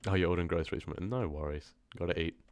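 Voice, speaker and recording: A deep-voiced New Zealand streamer and horror story narrator talks to his viewers very fast. He's rambling and relaxed, laughing easily, with a close, dry sound and no room echo.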